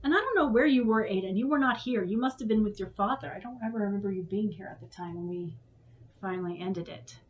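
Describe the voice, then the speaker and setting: A woman's voice: mid-range voice, fast, highs cut off, a little hiss or hum. A woman hosting a vlog, telling a personal story to her son in a frank, emotional way and swearing when upset.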